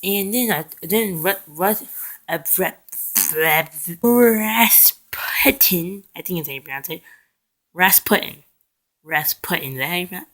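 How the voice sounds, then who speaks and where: A man's voice: sits high, a bit bright. A young man retelling a cartoon episode casually, rambling with fillers and self-corrections, and briefly acting out the characters' lines. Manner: acts out characters' lines in quick voices. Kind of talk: casual recap.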